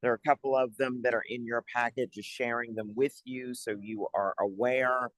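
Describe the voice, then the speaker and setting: Male staff presenter at a city board meeting, mid-pitched, chatty and upbeat, dry room. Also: level tone, moderate pace, fairly bright tone, dry recording, rough recording. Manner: chatty, upbeat, stops mid-sentence to find papers. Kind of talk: public board meeting update.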